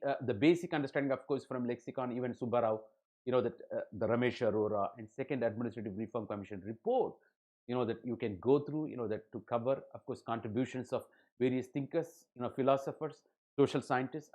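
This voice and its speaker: A man lecturing, emphatic and full of "you know" and "ladies and gentlemen". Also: medium pitch, fast talker. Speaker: online exam-prep lecturer.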